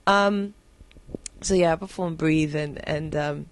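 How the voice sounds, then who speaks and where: A woman from London with a British accent, a singer and poet answering interview questions in a reflective, unhurried way with many pauses and restarts. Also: sits low, smooth. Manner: reflective, hesitant with fillers and restarts. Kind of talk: relaxed interview conversation.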